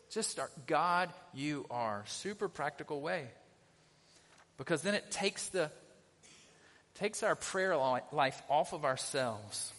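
A man's voice: a little high, big pitch swings, a little slow, fairly bright tone. A middle-aged male pastor giving a conversational sermon, often asking the congregation questions. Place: church sanctuary. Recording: long reverb of a church hall.

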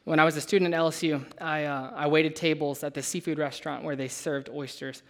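A man's voice: on the high side, fairly quick. Conversational young male preacher. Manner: conversational, animated storytelling with asides to the audience. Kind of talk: sermon with personal story.

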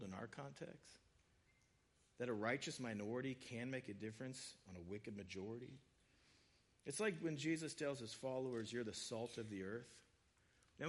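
A man's voice: medium pitch, breathy edge. A man preaching a sermon in a conversational way, acting out quoted voices. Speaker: pastor.

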